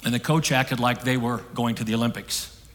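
A middle-aged man preaching a sermon, telling a story that swings from hushed and soft to loud. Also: medium pitch, brisk, slight background noise. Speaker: pastor. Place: church hall. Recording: long hall reverb.

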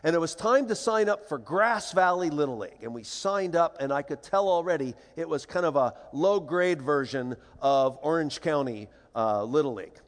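An older man in a large hall, telling funny stories to a live audience. He talks in a playful, animated way and slips into other people's voices. His voice sits slightly high, with a long reverb trailing after it. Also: moderate pace, hardly any pauses. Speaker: speaker. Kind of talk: humorous storytelling talk to an audience.

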